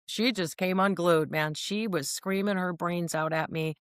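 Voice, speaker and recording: A woman's voice: fairly low pitch, fairly even intonation, a little slow, smooth, no room sound, studio quality. A woman speaking on mental health, telling personal stories in an earnest, emphatic way and often checking in with her listener. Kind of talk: personal storytelling monologue.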